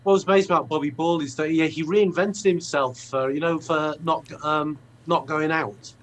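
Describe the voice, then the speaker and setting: A man hosts a chat over a video call. His voice is bright and a little high. He speaks in a friendly way and often restarts his sentences. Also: fairly even intonation, normal speed, a little hiss or hum, rough recording. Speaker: host.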